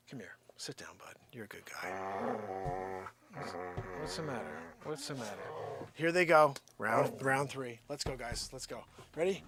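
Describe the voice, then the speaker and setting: A man hosting a daily live comedy show, rambling and joking, often sliding into a low mutter between loud bursts. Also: expressive, moderate pace. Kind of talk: unscripted live comedy chat. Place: home studio with his dogs.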